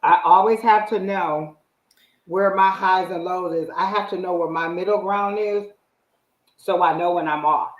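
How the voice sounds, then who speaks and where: A woman with a low voice talks with a live stream audience in a casual, animated way and gives spiritual advice. She often acts out what she says to herself. Her voice rings in an echoey room. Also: a little slow, dull audio. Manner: animated, acts out her own inner voice and quotes. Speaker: psychic reader, live stream host.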